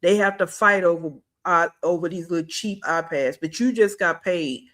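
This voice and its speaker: Reaction host going off on a clip, blunt and scolding, middle pitch. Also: moderate pace, fairly bright tone. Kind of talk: reaction commentary.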